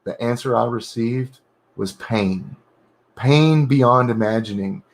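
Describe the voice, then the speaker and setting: A man reads through his own dark horror draft on a writing stream, in halting bursts with frequent self-corrections. He stops to rephrase lines and mutter small remarks about the text. His voice sits at a middle pitch. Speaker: writer streaming his editing.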